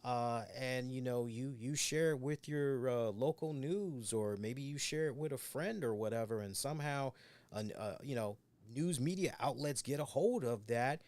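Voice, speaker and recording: A man's voice: mid-range voice, moderate pace, darkish tone, no room sound. A man co-hosting a casual podcast chat, rambling and swearing as he acts out the voices of people he quotes. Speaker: co-host.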